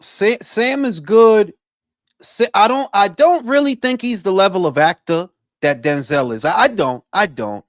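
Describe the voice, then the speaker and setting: A man hosting a casual talk show, animated and profane, laughing often. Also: high-pitched, a little slow, no room sound, clean studio sound. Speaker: podcast host. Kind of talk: casual chat.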